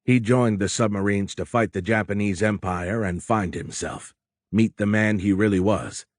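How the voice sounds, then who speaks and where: A man narrating a war novel as an audiobook in a measured, steady storytelling manner, close on a studio mic. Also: fairly low pitch, no echo.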